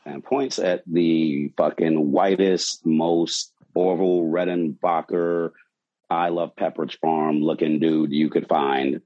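A man's voice: very deep voice, slow pace, highs cut off. A man, a bartender, telling a wild story from his shift in a casual, profane way, acting out quotes. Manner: animated, profane, acts out quotes.

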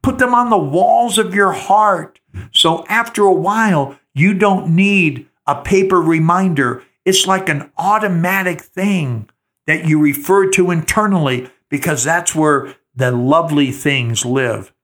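An older man leads a spiritual recovery reflection in an earnest, sermon-like manner and keeps turning to his listeners with questions. His voice is bright and sits a touch high. He takes his time, with long unhurried pauses. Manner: slow, earnest, preacher-like with rhetorical questions. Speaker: podcast host.

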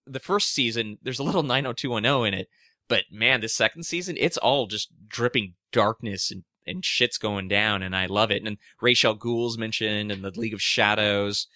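A man ranting excitedly in casual chat as a podcast guest, swearing freely. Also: fairly low pitch, moderate pace, no echo, clean studio sound. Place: Portland.

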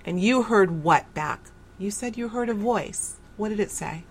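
A woman's voice: mid-range voice, measured pace, breathy edge. A woman hosting an interview, asking reflective, probing questions. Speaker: host.

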